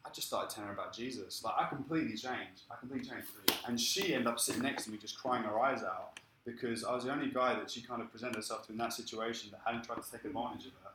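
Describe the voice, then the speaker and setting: A man preaching a sermon and telling his own story in a lively way. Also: mid-range voice, fast, roomy sound, noisy background. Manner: lively storytelling, acting out quoted speech. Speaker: pastor. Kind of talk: sermon with personal testimony.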